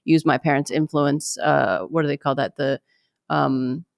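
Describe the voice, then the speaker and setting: A woman's voice: low voice, a little slow, creaky. A woman from Pittsburgh with a mild Pittsburgh accent, a comedian guest telling stories in a rambling, self-deprecating way in a casual interview. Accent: mild Pittsburgh American. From Pittsburgh, USA. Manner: rambling, self-deprecating, laughs often, animated when acting out voices. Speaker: guest, comedian and military spouse.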